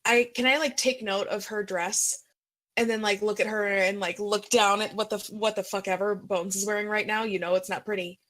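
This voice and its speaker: A woman joins a tabletop game and talks in a relaxed, joking way. She swears now and then. Her voice sits at a middle pitch. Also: a little fast. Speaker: player.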